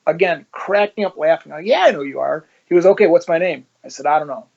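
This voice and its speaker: A man's voice: on the high side, fast, creaky, dull audio. A man who is a former police officer, telling his story in an interview and acting out the dialogue as he goes. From Ohio, United States. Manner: animated storyteller who acts out quoted dialogue.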